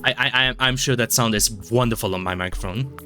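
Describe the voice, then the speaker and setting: Bright-voiced rambling male streamer. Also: mid-range voice, brisk. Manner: rambling, self-mocking, heavy swearing; stumbles and repeats words. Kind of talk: casual gameplay commentary. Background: game music.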